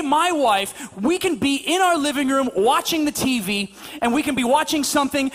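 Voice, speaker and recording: A man's voice: extremely high pitch, fairly bright tone. A man preaching a sermon at a church service in a conversational way, repeating his points and restarting his sentences as he acts out stories. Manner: conversational, repetitive, stammering restarts, acts out anecdotes. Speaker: pastor.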